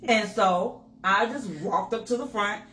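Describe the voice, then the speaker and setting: A woman talks candidly to viewers alongside her husband and tells her stories with animation, acting out her own thoughts in sudden bursts. Her voice sits mid-pitch. The room rings noticeably and a faint hiss sits underneath. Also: a little slow. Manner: animated storytelling, acts out her own inner voice. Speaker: co-host. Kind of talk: candid couple's chat to viewers. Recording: roomy with faint noise.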